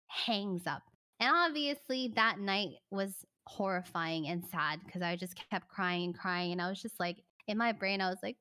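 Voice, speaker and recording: A woman streamer casually telling a personal story, animated, swearing and full of "like" fillers. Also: medium pitch, unhurried.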